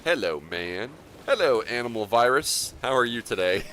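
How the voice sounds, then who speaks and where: A man casually commentating his game stream, relaxed and rambling, often chuckling as he talks. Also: medium pitch, moderate pace, slight background noise.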